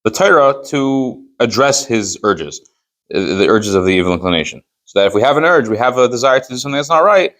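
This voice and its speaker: A man's voice: mid-range voice, lively intonation, fairly quick, a bit bright. A man teaching a text-class, with a mid-range voice. He reads lines aloud, translates them, and explains them with pointed rhetorical questions. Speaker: rabbi teaching a Chassidus class. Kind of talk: Torah study class, reading and translating a text.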